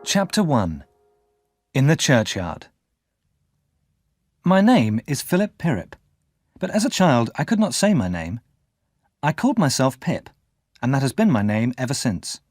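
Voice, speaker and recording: A male narrator reads a classic story for English learners in a clear, measured way. His pitch moves expressively through the sentences, and the recording is close and dry. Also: huge pitch swings, darkish tone, no echo. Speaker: audiobook narrator.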